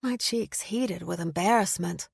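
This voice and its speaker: A woman narrating a first-person audiobook in a measured, expressive storytelling manner, close to the mic. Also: on the low side, vocal fry, husky, no room sound.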